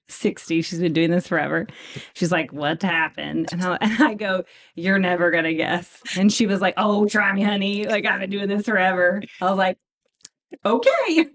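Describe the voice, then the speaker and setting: A woman in her thirties telling a story in casual chat, laughing and whispering the quoted lines. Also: fairly low pitch. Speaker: veterinarian guest.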